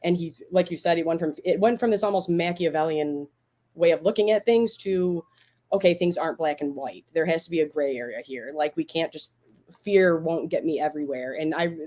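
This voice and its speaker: A woman co-hosting a casual podcast chat, talking in an animated way with many restarts and acted-out quotes. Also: low-pitched. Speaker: podcast co-host.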